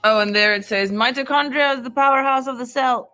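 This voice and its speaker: Chatty woman vlogger, playful and rambling, smooth clear voice, dry close sound. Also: high-pitched, a little fast, pushed and bright, no echo, soft background music. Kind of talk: casual chat, reading viewer comments.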